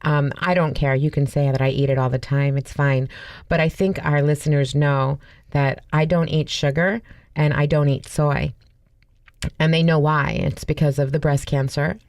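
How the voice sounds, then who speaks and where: Chatty low-voiced female radio co-host. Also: steady tone, normal speed, darkish tone, no echo. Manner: chatty, candid, playfully exasperated. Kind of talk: casual banter on a radio show.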